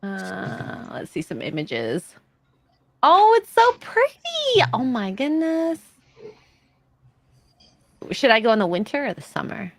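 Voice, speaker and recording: A woman's voice: mid-range voice, big pitch swings, unhurried, gravelly, pauses often, a little hiss or hum. A woman from Canada hosting a casual live stream chat, talking in a chatty way with frequent laughs and fillers.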